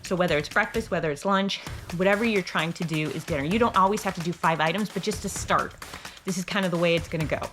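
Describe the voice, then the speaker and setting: A woman's voice: on the low side, fast talker, music in the background. A middle-aged woman hosting a homeschool channel, giving casual advice in a chatty, rambling way with frequent restarts. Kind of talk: casual advice talk to camera.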